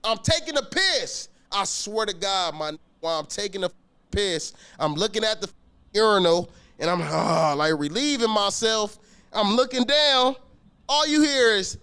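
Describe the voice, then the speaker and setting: A man telling a story about his school days in a casual, slangy, animated way, swearing often and acting out the scenes. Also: high-pitched, measured pace, smooth. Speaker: podcast guest telling a story.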